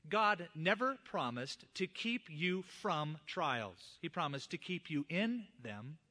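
A man's voice: fairly high pitch, sing-song, slow, sharp tone. A middle-aged man, a pastor, preaching a sermon and earnestly addressing the fathers in the congregation.

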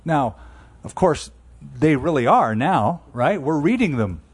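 A man in his sixties preaching a sermon in a conversational, emphatic way, slowing down on key phrases. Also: a little high, sing-song, breathy edge. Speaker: pastor.

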